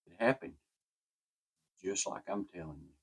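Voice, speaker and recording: A man's voice: sits low, moderate pace, creaky, husky. A man telling a personal story in a folksy, earnest way.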